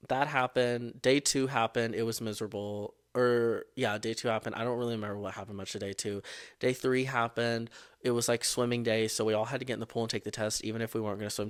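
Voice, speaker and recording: A young man hosting his own podcast, retelling a childhood story in a casual, profane and exasperated way. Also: fairly low pitch. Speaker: podcast host.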